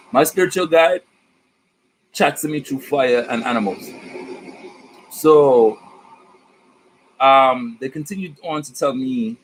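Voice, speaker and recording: A man's voice: medium pitch, a little hiss or hum, rough recording. A man reading tarot on his vlog, talking casually about spirit guides with slang, swearing and a rambling manner. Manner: slangy, profane, rambling and animated. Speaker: tarot reader.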